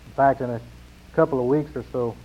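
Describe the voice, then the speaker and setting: A man's voice: mid-range voice, fairly even intonation, fairly quick. Emphatic preaching man, muffled recording. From New Mexico, USA. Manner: emphatic preaching with rhetorical repetition, swinging between loud and hushed. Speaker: pastor. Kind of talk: sermon.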